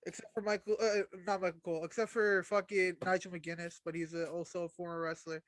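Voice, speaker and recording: A high-voiced man gives blunt opinions in a casual wrestling chat and swears all the time. His voice sounds close and dry, with no room around it. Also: flat delivery, fast talker, fairly bright tone, no room sound. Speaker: podcast co-host.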